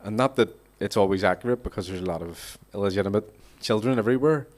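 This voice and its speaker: A man's voice: fairly low pitch, fast talker, a little mellow. A male poet chatting on a theatre stage, joking and hesitant, often restarting. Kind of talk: casual chat at a literary reading.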